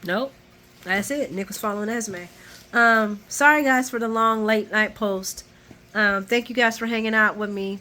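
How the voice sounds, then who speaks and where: Bright-voiced woman recapping a soap. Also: a little high, normal speed. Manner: chatty, animated storytelling. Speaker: soap opera recap vlogger. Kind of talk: casual episode recap.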